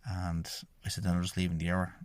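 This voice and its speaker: This Irish podcast host, a shamanic healer from Ireland, speaks in a deep, slightly mellow voice at a quick pace, with little change in pitch. The recording is dry. He tells his own story as a meandering monologue, retelling conversations with "I says" over and over.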